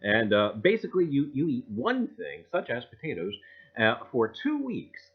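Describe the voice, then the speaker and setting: A man's voice: medium pitch, huge pitch swings, moderate pace, slightly rough, narrow, tinny audio. A man hosting a casual livestream, joking around and greeting viewers by name, with lots of filler words. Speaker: livestream host.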